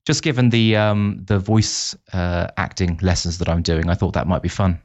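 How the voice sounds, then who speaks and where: A man's voice: sits low, moderate pace. A man co-hosting a podcast, chatting casually and eagerly laying out his plans. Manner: lively, eager to share plans. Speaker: podcast co-host. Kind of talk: casual chat. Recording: dull lo-fi sound.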